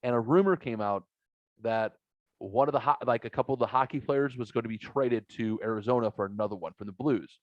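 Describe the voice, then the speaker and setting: Male podcast co-host, mid-pitch, animated storyteller who acts out quotes; dry, muffled recording. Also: brisk, no echo. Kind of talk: casual podcast chat.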